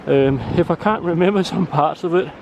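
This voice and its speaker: A man vlogging casually while hiking outdoors, out of breath, talking in a relaxed, hesitant way with many fillers. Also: a little high, normal speed, gravelly, lo-fi sound. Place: outdoors on a wooded trail. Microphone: handheld camera mic. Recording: wind noise on camera mic.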